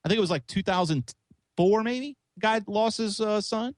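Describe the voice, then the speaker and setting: A man co-hosting a radio show, chatting about politics in an excitable, stumbling way with many restarts. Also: high voice, normal speed, no echo. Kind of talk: casual political chat.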